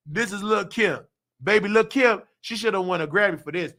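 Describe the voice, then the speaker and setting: Bright, high-voiced man holding forth. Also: moderate pace. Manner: animated, loose slangy storytelling with sudden sung bits. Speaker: show host. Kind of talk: casual commentary.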